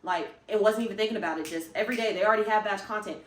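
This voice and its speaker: A woman's voice: mid-range voice, rapid-fire, a little hiss or hum. A young woman fitness vlogger talking casually to her viewers, chatty and emphatic, rambling as she encourages herself. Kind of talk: casual vlog talk to camera. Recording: roomy, picked up from a distance.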